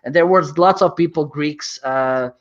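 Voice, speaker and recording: A man's voice: fairly high pitch, measured pace. Hesitant man from Portugal, muffled audio. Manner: searches for words, hesitant, many restarts. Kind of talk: casual group chat on a video call.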